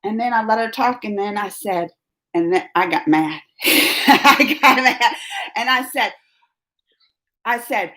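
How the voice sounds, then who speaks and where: A woman's voice: mid-range voice, expressive, normal speed, a bit bright. A middle-aged woman telling a long, fired-up story on a live stream, rambling and emphatic.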